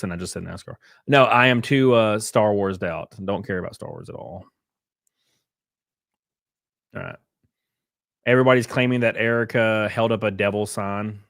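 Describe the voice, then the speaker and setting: A man's voice: fairly low pitch, a bit bright, no echo, studio quality. A man with an American accent, chatting casually with his live-stream viewers in a rambling, laid-back way and cursing now and then. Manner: sings snatches of a theme song.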